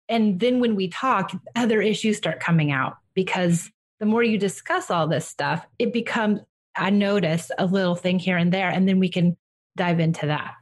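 Middle-aged female parenting coach, low register, practical and reassuring. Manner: warm reassuring coaching, acts out gentle phrases to a child. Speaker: parenting coach and podcast host. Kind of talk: casual advice chat.

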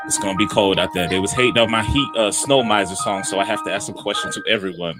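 A man from Atlanta co-hosting a morning show, giving the weather in a loud, hyped-up way and calling everyone "man". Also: lowish voice, fast, music in the background. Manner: loud hype delivery, calls everyone man. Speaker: co-host doing the weather. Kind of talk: casual morning show banter.

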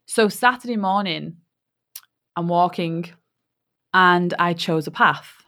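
Woman podcast host, lowish pitch, heartfelt storytelling monologue. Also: slow pace, pushed and bright. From England. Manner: heartfelt, many "you know" fillers.

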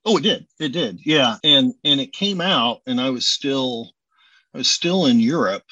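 A man's voice: mid-range voice, normal speed, slightly rough, dry recording, muffled recording. A man, a chef and restaurant owner, telling a long anecdote in a casual interview, acting out bits of the dialogue as he goes. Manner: animated storyteller acting out dialogue.

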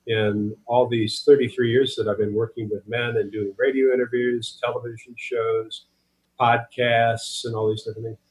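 A man's voice: medium pitch, flat delivery, normal speed, poor audio. A man who is an author and podcast guest, sincerely thanking the hosts in an interview. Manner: earnest, sincere, trails off softly.

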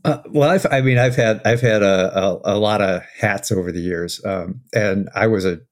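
A man's voice: lowish voice, normal speed. A man answering as a podcast guest, telling stories in a hesitant way with many fillers and restarts. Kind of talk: casual interview chat.

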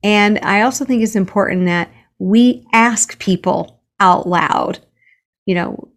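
A woman's voice: mid-range voice, unhurried. An earnest woman author telling stories as a guest, often restarting her sentences. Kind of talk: conversational interview.

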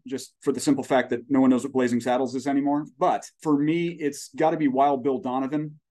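A man's voice: medium pitch, a little mellow. A man in his forties, a startup CEO guest on a podcast, talking in an expansive, folksy way with long storytelling tangents. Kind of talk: conversational podcast interview.

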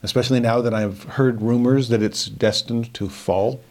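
A middle-aged man teaching a verse-by-verse scripture lesson, expressive, moving between lively asides and quiet emphasis. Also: medium pitch, normal speed. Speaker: Bible teacher.

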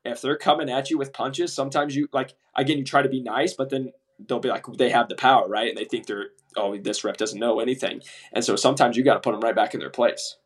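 A young man co-hosting a casual podcast about medical device sales, telling lively stories and acting out the people he quotes. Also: mid-range voice, fast, few pauses, husky. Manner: animated storyteller, acts out quoted voices, swears casually.

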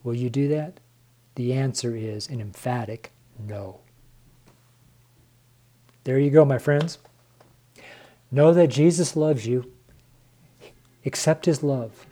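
A man's voice: medium pitch, takes it slowly, pauses often, mellow. A man preaching an earnest devotional sermon to his viewers, emotional and close to tears, calling them his friends. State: tearful, voice near crying.

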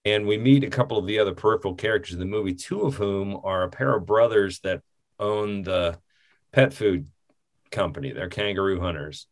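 Rambling, animated man talking movies. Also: low voice, brisk. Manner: rambling, animated, laughs often. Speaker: podcast co-host. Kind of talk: casual film discussion.

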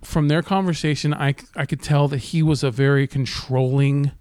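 A man's voice: a little high, steady tone, moderate pace, a little mellow, smooth, no room sound, clean studio sound. A man on a casual podcast, telling a long story, swearing a lot and acting out the voices of the people in it. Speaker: podcast co-host.

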